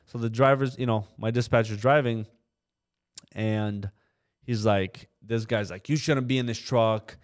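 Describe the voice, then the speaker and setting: A young trucking company co-owner, interviewed on a laid-back podcast, tells a story and acts out the voices of people he quotes, with frequent "you know"s. His voice is on the low side, unhurried, with fairly even intonation.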